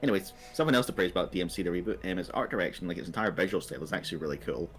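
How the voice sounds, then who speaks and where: Fast, low-voiced rambling man. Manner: rambling, heavy on "like" fillers, swears. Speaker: podcast co-host. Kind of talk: casual chat.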